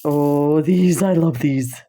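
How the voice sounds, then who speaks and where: A woman's voice: low voice, takes it slowly, dark tone, faint music behind. A woman presenting beads on camera in a casual chat, telling stories and laughing often. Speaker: bead shop video presenter.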